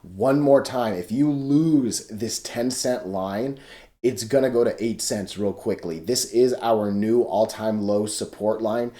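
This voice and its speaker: A man's voice: fairly low pitch, slow, mellow. A man giving casual stock chart commentary, loose and chatty, often checking in with "right?" and restarting his sentences.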